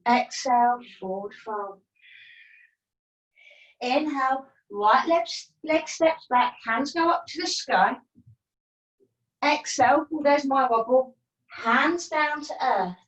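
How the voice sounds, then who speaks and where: A woman's voice: high-pitched, takes it slowly, long pauses, lo-fi sound. Woman leading a yoga class. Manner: calm breath cues with playful asides. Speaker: yoga instructor. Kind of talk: guided yoga class cues. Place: at home, partner downstairs. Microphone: video call. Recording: roomy, distant from the mic.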